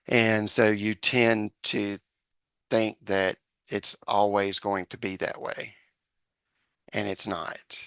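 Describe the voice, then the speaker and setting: Earnest low-voiced man giving advice. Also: flat delivery, slow, fairly bright tone, clear, resonant tone, no room sound. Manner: earnest, hesitant, acts out example dialogue. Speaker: podcast guest, social psychologist. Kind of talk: conversational advice in an interview.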